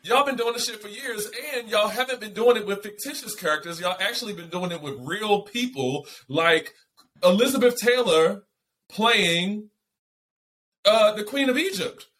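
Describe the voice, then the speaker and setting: A man co-hosting a podcast from home, talking bluntly and profanely in an animated rant. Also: sits high, moderate pace. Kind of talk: casual chat.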